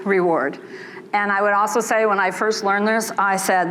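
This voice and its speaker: An older woman speaks at a conference keynote in a mid-pitched, conversational voice. She is candid and chatty, thinking aloud and checking in with her listeners. A faint noise sits under the recording. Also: moderate pace, fairly bright tone. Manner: candid and chatty, frequent 'right?' and 'um'. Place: conference hall.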